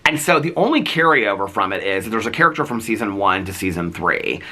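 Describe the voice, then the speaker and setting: Male vlogger with a low pitch, casual, heartfelt, meandering filler-heavy talk. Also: big pitch swings, fairly quick, pushed and bright. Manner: rambling, heavy use of "like"; earnest and heartfelt. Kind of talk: casual chat.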